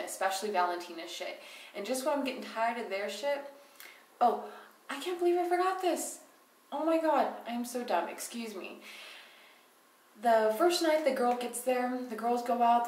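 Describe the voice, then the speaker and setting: A woman's voice: medium pitch, recorded from a distance. A young woman giving a casual, rambling recap of a reality show, swearing freely and opinionated, laughing as she talks. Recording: roomy echo, speaking away from the mic.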